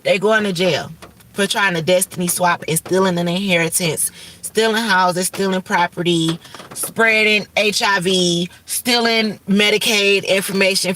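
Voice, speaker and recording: A woman's voice: medium pitch, a bit bright, far from the mic, slight background noise. A woman from Michigan, hosting a livestream and declaring her spiritual visions in urgent, profane, repetitive bursts. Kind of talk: rambling prophetic livestream talk.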